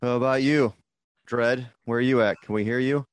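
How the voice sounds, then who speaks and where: A man's voice: medium pitch, steady tone, moderate pace, clean tone. Laughing, swearing podcast host man. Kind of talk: casual video call chat.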